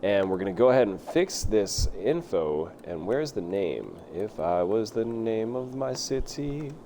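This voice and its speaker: A man streaming a city-building game live, rambling excitedly and talking to himself as he plays. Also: on the low side, unhurried, slight background noise. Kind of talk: casual live gameplay commentary.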